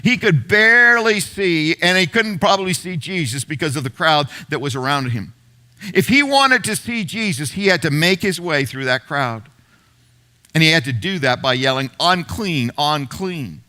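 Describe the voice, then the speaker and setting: A middle-aged pastor preaches a sermon to his congregation, retelling a story and repeating phrases for emphasis. His high, bright voice is expressive at a moderate pace, sometimes falling to a near hush on certain words before building back up.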